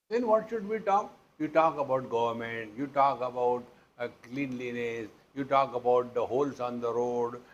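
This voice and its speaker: A man's voice: mid-range voice, lo-fi sound, slight background noise. A man with an Indian accent giving a Vedanta discourse, teasing his listeners and acting out the people in his stories. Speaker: spiritual teacher.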